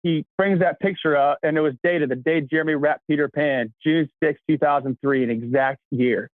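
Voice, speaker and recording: A man in his thirties from Kentucky, a guest telling energetic, rambling stories with laughs in a casual chat. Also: fairly high pitch, moderate pace, no echo. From Kentucky, USA. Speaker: guest, actor. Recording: tinny phone-like line, dry.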